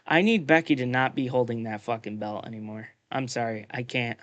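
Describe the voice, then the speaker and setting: A man's voice: mid-range voice, brisk, a bit bright, dry recording, muffled recording. A man co-hosting a podcast, recapping wrestling in casual chat, blunt and profane, with lots of "uh" and "um". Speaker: podcast co-host.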